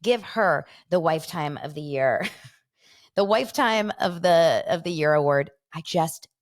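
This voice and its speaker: A woman's voice: sits low, lively intonation, measured pace. A woman hosting a casual show, rambling through gossipy commentary and laughing often. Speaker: host.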